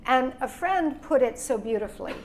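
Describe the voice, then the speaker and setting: A woman hosting an onstage interview with authors, asking measured, reflective questions. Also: sits high, expressive, a little hiss or hum. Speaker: host, interviewer. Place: small event room.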